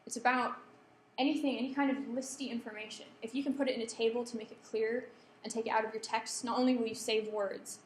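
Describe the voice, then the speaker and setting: A fairly high-voiced woman delivers a lecture to a room of students, often pausing to check in and poll her listeners. The recording is roomy and echoey, with a faint hum underneath. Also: fairly even intonation. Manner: checks in with the audience, polls the room. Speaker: workshop presenter.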